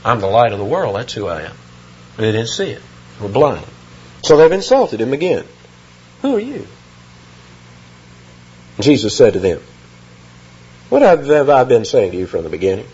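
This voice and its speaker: A man preaching an expository sermon, emphatic and lively, reading scripture aloud and explaining the words. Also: mid-range voice, a little fast, long pauses, slightly rough, dull audio.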